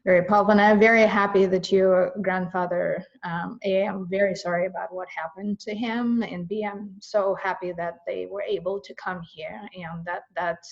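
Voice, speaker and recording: A woman's voice: mid-range voice, steady tone, gravelly. Woman from russia hosting a video call, lots of stops and restarts, gets emotional, muffled lo-fi sound. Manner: halting, many restarts, emotional. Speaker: host. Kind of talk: casual video-call interview. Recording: muffled lo-fi stream audio.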